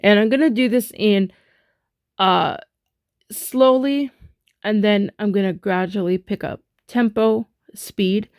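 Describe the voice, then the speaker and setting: A woman's voice: on the low side, a little mellow, no room sound, studio quality. A woman teaching a music rhythm lesson in a chatty way, full of fillers, chanting rhythm syllables as she taps.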